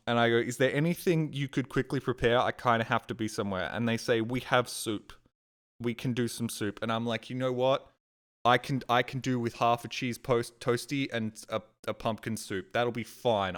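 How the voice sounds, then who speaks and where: A man's voice: mid-range voice, smooth. A young man streaming a game, telling a long rambling story with plenty of swearing. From Australia. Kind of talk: casual storytelling.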